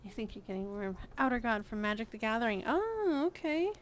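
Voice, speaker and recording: A woman's voice: medium pitch, steady tone, fast, a bit bright, a little hiss or hum. A woman streamer chatting casually while she draws, playful and self-amused. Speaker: art streamer. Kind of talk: casual chat while drawing.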